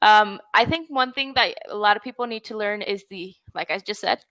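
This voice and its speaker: A woman's voice: mid-range voice, fairly bright tone, no room sound. Woman tutor coaching English pronunciation. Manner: friendly, patient coaching, models sounds slowly. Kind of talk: online English lesson. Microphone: video call.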